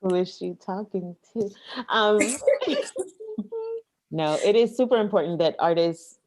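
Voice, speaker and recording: A woman's voice: medium pitch, wildly swooping pitch, slow pace, a little mellow. A Caribbean American woman co-hosting a casual podcast chat, playful and giving emphatic, repeated advice. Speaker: podcast co-host.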